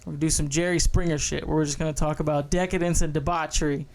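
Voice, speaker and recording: A man's voice: on the high side, flat delivery, fast. A young man co-hosting a casual podcast, talking in a laid-back, profane way and laughing easily. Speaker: podcast co-host.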